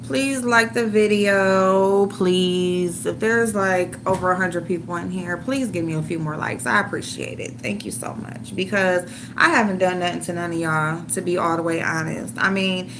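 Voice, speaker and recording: A woman's voice: fairly low pitch, normal speed, few pauses, noisy background. A middle-aged woman venting in casual livestream chat, frank and loose, swearing freely as she talks to viewers. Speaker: livestream host.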